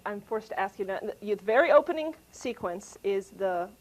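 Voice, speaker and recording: A woman interviewer puts pointed questions to her guest in a direct, engaged way. Her voice sits at a middle pitch, and she speaks plainly and steadily. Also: expressive, moderate pace, poor audio. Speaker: arts show interviewer.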